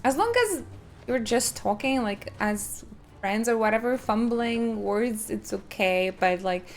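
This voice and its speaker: A woman's voice: on the high side, unhurried, slight background noise. A young woman from Poland with a Polish accent, chatting casually and laughing while streaming a game. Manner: chatty, laughs often, rambling. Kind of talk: casual chat over gameplay.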